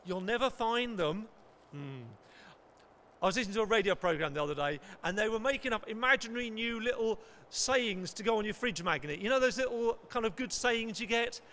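A middle-aged man preaching a lively sermon, acting out panicked voices and asking the audience questions. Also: high-pitched, a little fast, a little hiss or hum.

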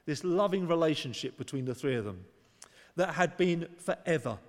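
A man's voice: a little high, expressive, normal speed, big-room sound. A man preaching a sermon in an earnest, conversational way, sometimes acting out short voices for emphasis. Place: church.

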